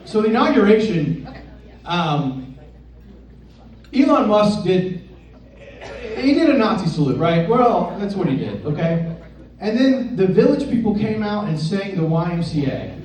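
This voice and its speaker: A man's voice: high-pitched, big pitch swings, a little slow, long pauses, a little mellow, distant mic. A young man doing stand-up in a comedy club, joking with the crowd and laughing at his own lines. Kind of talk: stand-up set. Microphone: handheld stage mic. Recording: roomy club sound, audience laughter.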